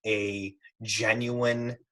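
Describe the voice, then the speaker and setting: A man hosting a podcast interview, asking slow, searching questions. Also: lowish voice, little pitch movement, pushed and bright. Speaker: podcast host.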